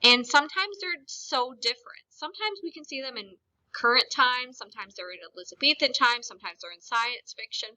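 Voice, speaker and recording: A woman's voice: high-pitched, animated, a little fast, pushed and bright, low-quality recording. A woman teacher giving a recorded lesson, explaining ideas plainly and speaking straight to her students. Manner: explanatory, addresses students directly.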